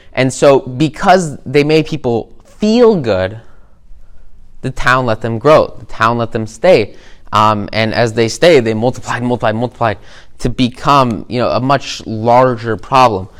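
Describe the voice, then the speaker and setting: A man casually talking through a cartoon episode in a relaxed, upbeat way, rambling with many fillers and repeated words. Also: medium pitch, clean tone. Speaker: host.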